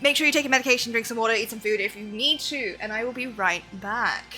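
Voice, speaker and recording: A woman game streamer talking to her viewers with a high, bright voice. She is excitable, swears freely and laughs often, and faint music plays softly under her talk. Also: quick pace, low-quality recording. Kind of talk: live-stream chat while gaming.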